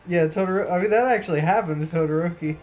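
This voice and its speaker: A man's voice: high-pitched, very fast, a little mellow. A man in casual voice chat with gaming friends, laughing often and bantering playfully. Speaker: gamer chatting with friends.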